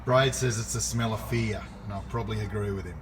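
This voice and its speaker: An older man with an Australian accent, chatting excitedly in matey banter about old planes in a hangar. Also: lowish voice, fairly quick, music in the background. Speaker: aviation vlogger. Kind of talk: casual chat. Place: aircraft hangar.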